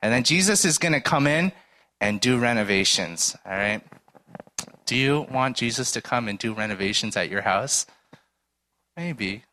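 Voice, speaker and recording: A preacher with a medium-pitched, pushed and bright voice speaks at normal speed with lively intonation and frequent pauses, against slight background noise. His sermon is casual and conversational, full of everyday stories, with frequent "right?" and little acted-out dialogues.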